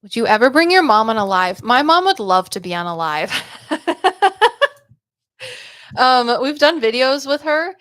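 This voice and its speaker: A woman's voice: fairly high pitch, big pitch swings, fairly bright tone, no room sound. Chatty woman on a livestream. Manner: chatty and loose, heavy use of "like" and "um", quick laughs. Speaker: psychic medium hosting a livestream. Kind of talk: casual livestream chat reading viewer comments.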